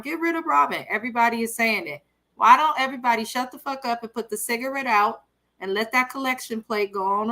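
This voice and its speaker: A woman's voice: mid-range voice, sharp tone. A woman co-hosting a casual chat, speaking frankly and animatedly with casual swearing. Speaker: co-host.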